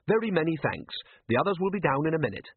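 A chipper young captain, all eager politeness, as a man acts him out. His voice rides high and lively. The sound is dry and thin, as if heard down a phone line. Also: quick pace, slightly rough, no room sound, heavily acted. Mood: cheery.

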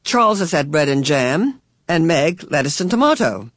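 A man doing a gentle, hospitable mother. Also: fairly high pitch, big pitch swings, moderate pace, no room sound, clean studio sound. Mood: polite. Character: kind, polite middle-aged mother.

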